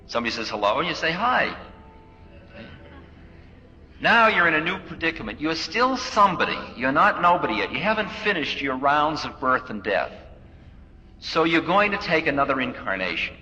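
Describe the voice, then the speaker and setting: A man's voice: medium pitch, sharp tone. A man giving a recorded spiritual talk as a teacher, musing and playful, acting out little scenes as he goes. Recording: dull, echoey hall recording with faint hiss.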